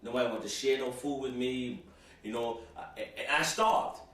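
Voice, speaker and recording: A man's voice: mid-range voice, normal speed, fairly bright tone. A young man delivering a rambling comic rant to camera, stumbling and repeating himself with constant "you know"s. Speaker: host. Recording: very echoey room, far from mic.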